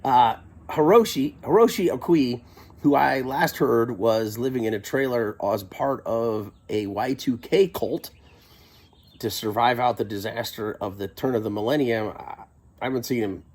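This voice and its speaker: A man's voice: medium pitch, normal speed, a little mellow. A middle-aged man casually telling a rambling first-person story, with wry asides and frequent self-corrections.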